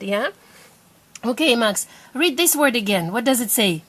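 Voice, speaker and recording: High-voiced mother coaxing a child to read. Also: animated. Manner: patient, coaxing, repeats sounds slowly. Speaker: parent teaching her child to read. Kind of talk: home reading lesson.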